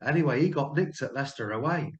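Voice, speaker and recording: A man's voice: mid-range voice, lively intonation, fast talker. Sweary man from Lincoln, blunt storyteller; roomy, dull recording. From Lincoln, England. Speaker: panel member. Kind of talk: storytelling in casual chat.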